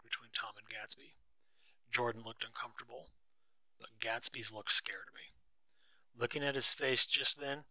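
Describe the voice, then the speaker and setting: Male storybook narrator, plain even delivery, bright tone, dry close mic. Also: medium pitch, dry recording, poor audio.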